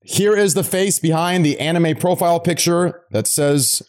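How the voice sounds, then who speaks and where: A man streaming live, talking loudly and emphatically with a lot of swearing. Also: medium pitch, brisk, few pauses. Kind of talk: casual live-stream chat.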